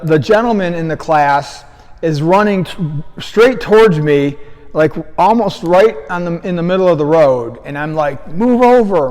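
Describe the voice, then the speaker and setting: Higher-voiced man telling a rambling story. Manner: rambling storyteller who acts out quoted lines in a raised voice. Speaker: fitness coach and gym founder. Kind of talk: casual spoken anecdote. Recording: long hall reverb.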